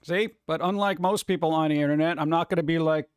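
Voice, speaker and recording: A man's voice: on the high side, steady tone, fast talker, smooth, no room sound, studio quality. A man hosting a casual livestream, rambling from topic to topic with sarcastic jokes. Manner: rambling, jokey, sarcastic asides. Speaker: livestream host.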